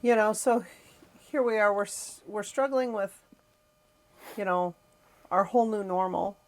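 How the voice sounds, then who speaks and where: Gravelly middle-aged woman, reflective. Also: mid-range voice, steady tone, a little slow. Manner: reflective, emotional, sighing. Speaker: podcast host. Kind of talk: personal storytelling podcast.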